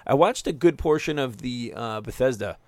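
A man co-hosting a casual podcast, animated and jokey, with sarcastic asides. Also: medium pitch, moderate pace, dry recording. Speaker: podcast co-host.

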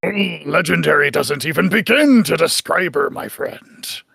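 A man's voice: a little high, animated, unhurried, creaky, pushed and bright, slightly rough, no room sound, full character voice. A man voicing a boastful pirate captain who growls his words in pirate slang. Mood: sly. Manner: growling pirate talk, "arr" and "me".

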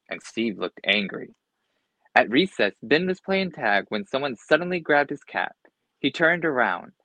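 A man's voice: mid-range voice, pushed and bright, no room sound, poor audio. A man reading a children's storybook aloud expressively, with occasional slips and restarts. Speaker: storybook reader.

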